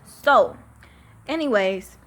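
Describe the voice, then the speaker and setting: Profane thirteen-year-old girl venting, slow. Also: on the high side, animated, a bit bright, slight background noise. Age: teens. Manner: profane, emphatic, exasperated. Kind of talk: venting to camera.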